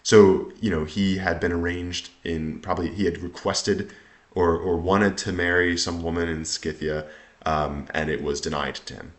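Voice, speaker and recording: A man with a very low voice talks through a passage of an old text line by line. He hesitates a lot, and he reads the old lines louder than his notes on them. The sound bounces around the room. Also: flat delivery. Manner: halting, thinking aloud with many ums and self-corrections. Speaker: language teacher reading aloud. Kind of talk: reading and explaining an old text. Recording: echoey room.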